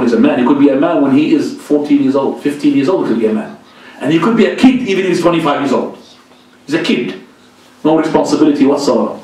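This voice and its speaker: A man, a sheikh, giving an informal, animated mosque lecture, joking and throwing in religious exclamations as he goes. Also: medium pitch, far from the mic. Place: large mosque hall. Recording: very echoey hall, voice from afar.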